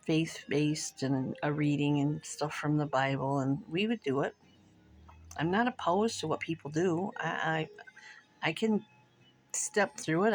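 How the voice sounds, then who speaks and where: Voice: medium pitch, creaky. A middle-aged vlogger chatting casually over coffee, frank and profane, rambling and laughing between thoughts.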